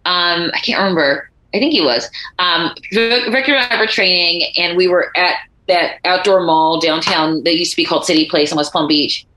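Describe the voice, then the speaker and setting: Bright-voiced woman telling animated stories. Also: lowish voice, normal speed, few pauses, reverberant, rough recording. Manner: animated storyteller acting out quoted voices. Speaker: author and guest. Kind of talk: conversational interview.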